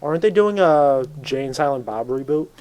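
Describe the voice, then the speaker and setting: Mellow teen guy steering the chat. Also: a little high, expressive, fairly quick, clean tone. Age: teens. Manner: steers the talk, emphatic. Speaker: podcast co-host. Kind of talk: casual chat.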